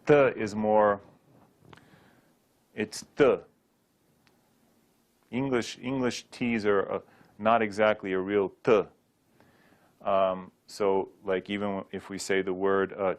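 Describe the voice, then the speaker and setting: A man's voice: lowish voice, steady tone, measured pace, pauses often. A man teaching a Sanskrit pronunciation class, drilling syllables aloud for students to repeat. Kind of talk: classroom lecture.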